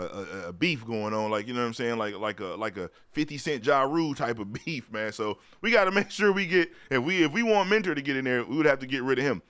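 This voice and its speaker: A man's voice: on the high side, clear, resonant tone. Man hosting a casual sports talk stream. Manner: loose slang-heavy chat, repeats "you know what I'm saying"; reads viewer chat aloud and shouts out viewers. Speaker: sports talk show host.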